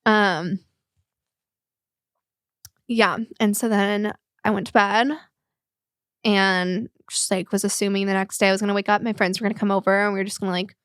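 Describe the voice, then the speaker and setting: A young woman telling a painful personal story on a podcast, halting and full of fillers, close to tears. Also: mid-range voice, flat delivery, smooth, no room sound. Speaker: guest telling her life story. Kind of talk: podcast conversation.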